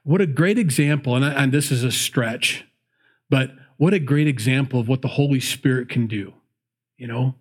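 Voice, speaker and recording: A man's voice: medium pitch, normal speed, husky. A man teaching through a Bible passage in a conversational sermon, laughing often and acting out the people in the story. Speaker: pastor.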